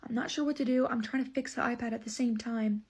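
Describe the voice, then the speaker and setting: A woman with a somewhat high, husky voice tells a customer story from behind the counter. Her retelling is indignant and emphatic, full of pointed asides. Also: fairly even intonation, fast talker, darkish tone. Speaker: store manager telling a customer story. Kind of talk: casual storytime vlog.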